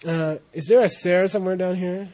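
A man's voice: high-pitched, fairly even intonation, fairly quick, warm tone. A man teaching a class, often checking in with his students as he explains, in a dull lo-fi recording of a classroom. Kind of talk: classroom instruction.

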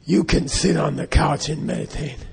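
A man imitating a terse, gruff old male lama who speaks in slow, clipped commands. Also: on the high side, darkish tone, full character voice. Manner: slow, clipped, curt phrases.

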